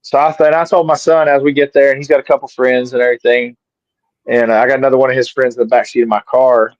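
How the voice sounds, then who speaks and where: A man's voice: mid-range voice, flat delivery, fast, no room sound. A middle-aged man, an interview guest, casually telling a story and animatedly acting out his own lines. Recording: dry, slightly dull sound.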